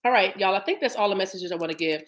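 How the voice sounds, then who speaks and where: A woman's voice: mid-range voice, very fast. Chatty woman doing a card reading. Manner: reads card text aloud, then riffs and repeats phrases to viewers; chatty and familiar, addresses viewers as y'all. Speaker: spiritual card reader. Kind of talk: live-streamed oracle card reading.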